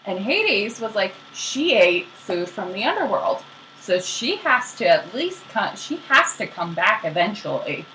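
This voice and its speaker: A young woman casually retelling myths as a podcast co-host, slangy and animated, acting out the characters. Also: mid-range voice, unhurried, slight background noise, poor audio.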